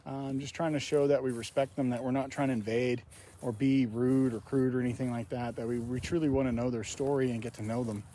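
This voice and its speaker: A man hosting a paranormal vlog, talking softly and reverently as he walks outdoors. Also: medium pitch, steady tone, fairly quick. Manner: soft-spoken, reverent, reads names aloud. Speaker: paranormal investigator host. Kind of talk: casual walking vlog narration. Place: outdoor cemetery. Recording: faint outdoor noise.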